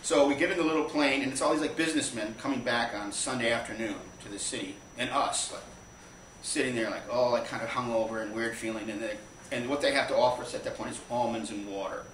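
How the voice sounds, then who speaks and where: A man telling a rambling, anecdotal story on a small theater stage, halting and restarting as he goes. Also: medium pitch, fairly bright tone, slight background noise. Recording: echoey live room from far off.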